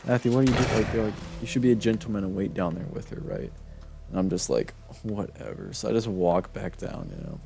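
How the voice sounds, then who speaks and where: A man's voice: on the low side, vocal fry, warm tone, a little hiss or hum. A young man streaming a game, telling a long personal story in a casual, rambling way with many fillers and restarts. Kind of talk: casual storytelling while gaming.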